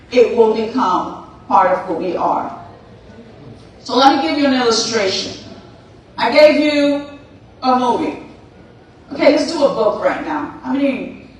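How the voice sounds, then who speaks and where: A woman giving a playful motivational talk, telling a story and acting out its characters for the crowd. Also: high voice. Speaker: speaker. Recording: echoey hall, far from mic.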